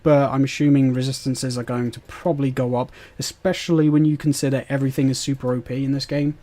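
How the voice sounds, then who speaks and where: A man's voice: medium pitch, dark tone. A British man streaming a game live, chatting and rambling as he answers his chat with fillers and laughs. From Britain. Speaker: gaming streamer.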